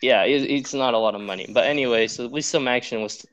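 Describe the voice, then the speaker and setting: A man hosting a casual football podcast in a middle-pitched voice. He moves the talk from topic to topic, filling gaps with ums and yeahs. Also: quick pace, fairly bright tone, low-quality recording. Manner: steers the talk between topics with frequent fillers. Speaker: podcast host. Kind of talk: casual chat.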